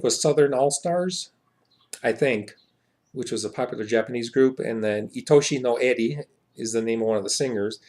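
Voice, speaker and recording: A young man reads a short story aloud and translates it on the fly, rambling and hesitant. He drifts into asides as he thinks aloud, and the quoted lines come out louder and higher. His voice sits at an average pitch.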